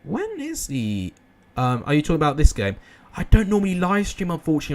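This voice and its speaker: A young man commentating football games live for viewers, excitable and out of breath. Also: on the high side, brisk. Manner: shouts and laughs at goals, chats with viewers.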